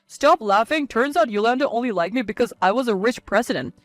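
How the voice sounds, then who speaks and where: A woman's voice: high voice, sing-song, fairly quick. Woman voicing a whiny arrogant ex-husband. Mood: arrogant blunt. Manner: blunt, then pleading. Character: arrogant then whiny man, failing company president.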